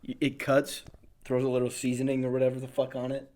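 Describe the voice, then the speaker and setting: A young man co-hosting a podcast, talking casually with sardonic, deadpan asides and plenty of swearing. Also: medium pitch, fast. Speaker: podcast co-host. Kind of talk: casual chat.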